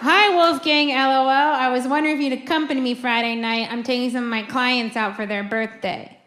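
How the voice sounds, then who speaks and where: A woman performing a stand-up comedy set, telling a story and acting out quoted lines with animated delivery. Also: a little high, fast. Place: comedy club stage with audience. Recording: live club recording with crowd noise. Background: audience laughter.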